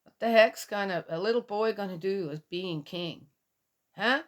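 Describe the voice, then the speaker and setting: A woman's voice: mid-range voice, normal speed. A woman reading a Bible passage aloud and commenting on it in a casual, skeptical way, asking many rhetorical questions.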